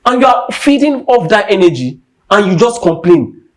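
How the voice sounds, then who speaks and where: Podcast host, young Nigerian man, pitched a bit high, emphatic rant delivery. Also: sing-song, moderate pace. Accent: Nigerian English. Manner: heated and emphatic, repeating points. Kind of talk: impassioned rant.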